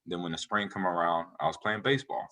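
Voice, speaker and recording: A man in his forties, a retired football player, telling animated, rambling stories as a guest in a casual interview. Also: low voice, fast talker. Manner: animated, rambling storyteller who acts out quotes.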